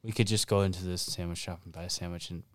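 A man playing in an improvised comedy role-play game, deadpan and blunt. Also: low voice, fast, no echo. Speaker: player.

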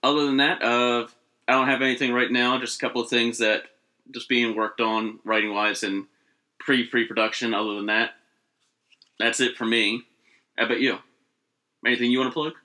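A man co-hosting a podcast, chatting casually with rambling, halting restarts. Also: mid-range voice, little pitch movement, pushed and bright. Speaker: podcast co-host. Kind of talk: casual chat.

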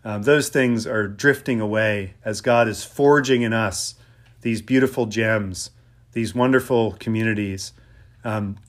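A man from Pennsylvania preaching an informal, conversational sermon, with frequent pauses, ums and restarts. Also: fairly low pitch. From Pennsylvania, USA.

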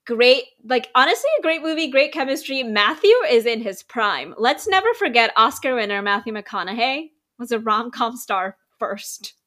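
A woman's voice: a little high, animated, moderate pace, hardly any pauses, bright, forceful tone. A woman hosting a podcast, chatting enthusiastically and rambling a little, often laughing. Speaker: podcast host. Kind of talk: casual chat.

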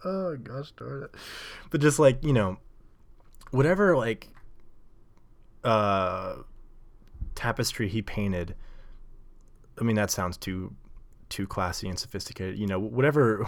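A man's voice: on the low side, measured pace, long pauses. Male podcast host; loose, rambling storyteller, filler-heavy and giggly. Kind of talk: casual storytelling monologue.

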